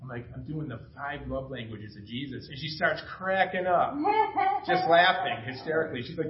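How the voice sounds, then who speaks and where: A middle-aged man with a somewhat high voice preaches in a loose, chatty way, asking the room questions. He is heard from a distance in an echoey room, and the sound is a little dull with faint background noise. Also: huge pitch swings, measured pace. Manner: informal, self-deprecating, asks the room questions. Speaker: pastor. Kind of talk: conversational sermon. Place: small church room.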